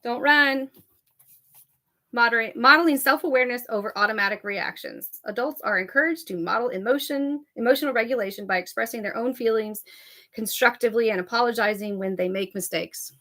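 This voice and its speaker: A woman's voice: fairly high pitch, fairly quick, pushed and bright. A woman co-hosting a casual podcast, chatty and scattered, often interrupting herself and laughing. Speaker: podcast co-host.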